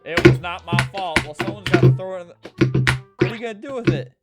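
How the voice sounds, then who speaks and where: A young man in his twenties riffs through gameplay with dark, deadpan humor. His voice swings widely up and down in pitch as he jokes and spins stories. Loud music plays behind him the whole time. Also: fast talker. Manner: dark deadpan joking, playful storytelling. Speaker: gaming video creator. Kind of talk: comedic gameplay commentary. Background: loud background music.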